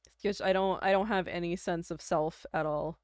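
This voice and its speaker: A young Canadian woman streams from home, her voice smooth and resonant in a very dry close-miked sound. She rambles in easy casual chat, full of fillers and giggles. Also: fairly low pitch, fairly even intonation, normal speed, no echo. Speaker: livestreamer.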